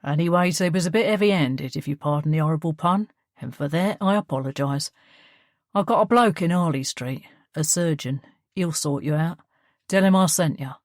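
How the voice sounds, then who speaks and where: A man's voice: a little high, moderate pace, dry recording, studio quality, lightly acted. A woman voicing a young, charming male crime boss with a Cockney accent, breezy and falsely friendly. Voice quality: breezy, matey.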